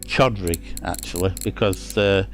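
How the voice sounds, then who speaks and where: A man's voice: deep voice, fairly even intonation, measured pace, soft background music. A middle-aged man from England with a Lancashire accent, giving casual, rambling commentary on a fishing game with many fillers and restarts. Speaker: streamer.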